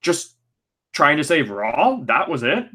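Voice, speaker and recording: A man's voice: a little high, very animated, takes it slowly, sharp tone. A man hosting a casual review podcast, ranting sarcastically and swearing freely. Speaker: podcast host.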